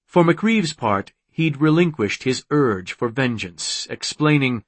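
A man narrating an audiobook in a measured, unhurried reading. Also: medium pitch, expressive, no room sound. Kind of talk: scripted narration.

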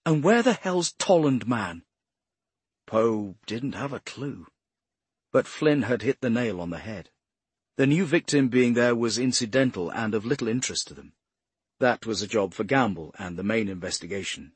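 A man narrating a crime novel as an audiobook, in a steady, measured voice. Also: on the low side, husky, no room sound. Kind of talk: scripted narration.

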